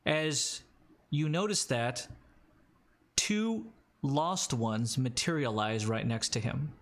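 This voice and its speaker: A man's voice: mid-range voice, slow, fairly bright tone. A man narrating a tabletop role-playing game as game master, describing scenes with small hesitations.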